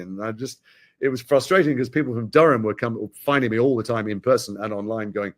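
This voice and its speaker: A middle-aged man from Britain talks at a brisk, rapid clip as an interview guest. He sounds animated and chatty, tossing in quick asides between his stories. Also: mid-range voice. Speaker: actor guest. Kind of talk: casual interview chat.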